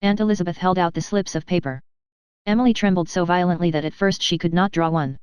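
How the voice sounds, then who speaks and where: Woman narrator, lowish pitch, very smooth voice, dry and slightly dull recording, measured delivery. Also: steady tone, darkish tone, no echo. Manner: measured, clear storytelling. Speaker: audiobook narrator. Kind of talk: scripted narration.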